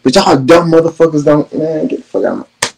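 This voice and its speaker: A man's voice: fairly high pitch, brisk, vocal fry, darkish tone, low-quality recording. A young man hosting a reaction video, giving blunt, profane commentary in a ranting way. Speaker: reaction host.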